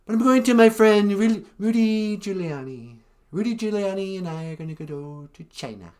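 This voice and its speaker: A man's voice: animated, moderate pace, a little mellow. A man doing a cocky sing-song politician. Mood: boastful. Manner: sing-song, starting high then dropping, condescending. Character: brash, cocky older male politician.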